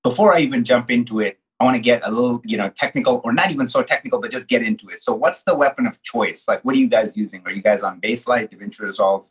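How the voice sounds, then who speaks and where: A man hosting a casual interview, talking in an animated, slangy way and calling his guest dude. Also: medium pitch, quick pace, few pauses, slightly rough, rough recording. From from the US Midwest. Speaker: host, colorist.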